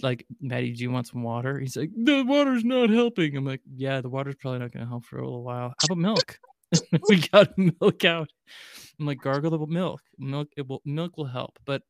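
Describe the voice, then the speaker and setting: A man's voice: medium pitch, creaky, no echo, clean studio sound. A man co-hosting a podcast, telling a story in a wry, self-mocking casual way. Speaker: podcast co-host.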